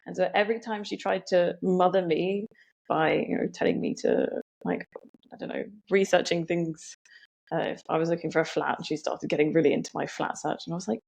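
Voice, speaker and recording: A woman's voice: on the low side, steady tone, brisk, gravelly, a little mellow, slightly rough. A young woman telling a personal story as a podcast guest, reflective and full of "um" and "like". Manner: reflective, many "um" and "like" fillers.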